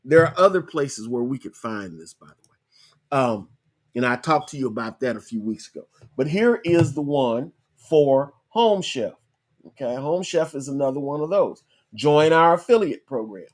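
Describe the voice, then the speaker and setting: A man hosting a podcast, casually walking viewers through a screen-share tutorial, repeating himself and spelling things out slowly. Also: mid-range voice, expressive. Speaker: podcast host.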